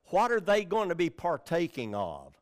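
With huge pitch swings in a voice on the high side, a male pastor teaches from the Bible at a moderate pace. His sermon is conversational: he stresses key words while reading scripture and keeps checking in with "all right?" and "okay?".

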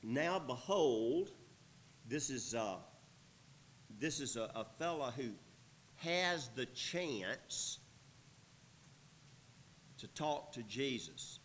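A man's voice: medium pitch, a bit bright, slight background noise, rough recording. A man teaching through a Bible passage, reading verses aloud and then explaining them in an easygoing, conversational way.

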